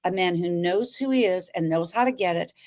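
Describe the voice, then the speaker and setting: A woman telling her story on a talk show as a guest, expressive, acting out quoted dialogue and turning to address the listeners. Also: fairly low pitch, a little fast.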